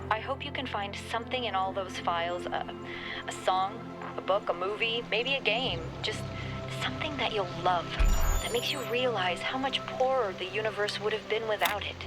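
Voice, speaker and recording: A woman's voice: medium pitch, normal speed, lightly acted. A woman acting a hopeful archive message as a game voice performer, earnest and wistful. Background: loud music.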